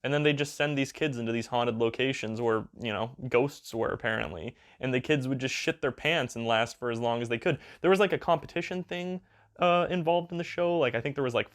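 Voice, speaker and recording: A man's voice: medium pitch, fairly bright tone. A man, rambling in a casual, crude and joking way as a video creator, with lots of fillers and playful exaggeration.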